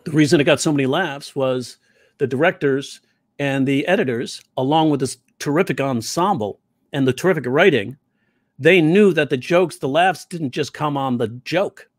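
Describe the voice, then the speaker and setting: A man who teaches comedy telling stories in an interview, animated and slipping into quoted voices. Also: a little high, normal speed, no echo. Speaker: comedy teacher and stand-up comic. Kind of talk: storytelling interview talk.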